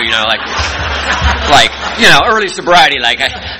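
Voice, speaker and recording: A middle-aged man giving an earnest personal recovery talk to an audience, telling stories and dropping between loud and quiet. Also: mid-range voice, fast, over music. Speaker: recovery speaker. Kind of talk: personal testimony speech to an audience. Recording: long reverb from a large hall.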